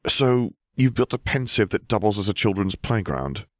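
A man's voice: lowish voice, very animated, normal speed, no echo, voice pushed up. A man doing a wry young wizard. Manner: dry, self-mocking quips.

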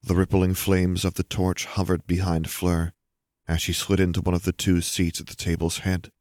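Low-voiced man narrating a story. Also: completely flat delivery, moderate pace, a little mellow, no echo, clean studio sound. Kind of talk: audiobook reading of fan fiction.

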